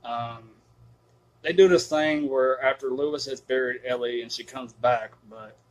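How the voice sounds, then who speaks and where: A man's voice: medium pitch, low-quality recording. A man giving a casual spoken film review, cursing often and rambling emphatically with many fillers. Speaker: movie reviewer.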